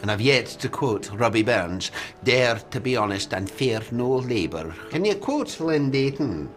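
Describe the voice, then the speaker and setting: A man's voice: medium pitch, big pitch swings, measured pace, faint music behind. Boastful Scottish man in a sketch. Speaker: sketch comedy performer. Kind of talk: sketch comedy acting.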